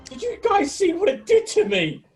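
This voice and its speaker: A woman's voice: very high voice, sing-song, moderate pace, a little mellow, faint music behind. A woman playing her character in a tabletop game, with indignant exclamations. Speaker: player. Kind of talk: in-character role-play.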